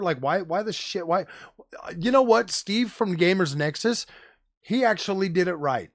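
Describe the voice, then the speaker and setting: Casual male tech streamer, fired-up slangy rant, fairly high voice, dry close sound. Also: normal speed, no echo. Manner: animated, profane, slangy with frequent "bro" and "dude".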